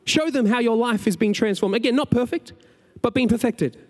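A man preaching a conversational, energetic sermon as pastor. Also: very high-pitched, a little fast. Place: church sanctuary. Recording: large hall with long reverb, faint music.

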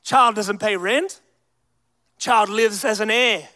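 A man's voice: high voice, slow pace, sharp tone, no echo. A young man preaching a sermon with emphatic delivery, calling out to the congregation. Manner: emphatic preaching with crowd call-outs. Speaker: pastor.

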